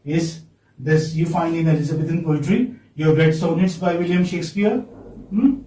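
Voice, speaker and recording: Slightly high and warm, this male English teacher's voice carries a faint hiss or hum on the recording. He leads a phonetics lesson in a slow, drawn-out manner, coaxing the class with repeated questions, heard from far off in an echoey classroom.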